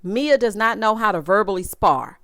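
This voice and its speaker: A woman's voice: mid-range voice, expressive, normal speed, a bit bright, dry recording, studio quality. A woman giving a sassy, dramatic casual recap of a reality show, often mimicking the people she talks about.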